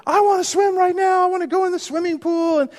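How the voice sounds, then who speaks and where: A man's voice: very high-pitched, steady tone, fast talker, a little mellow, in a large hall, voice pushed up. A man doing a wailing little girl. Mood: tantrum. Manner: wailing, petulant. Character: small girl screaming for the pool.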